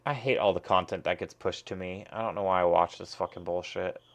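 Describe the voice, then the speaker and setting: A man's voice: low-pitched, steady tone, brisk. A man hosting a casual stream, ranting crudely with lots of swearing while watching videos. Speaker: streamer host.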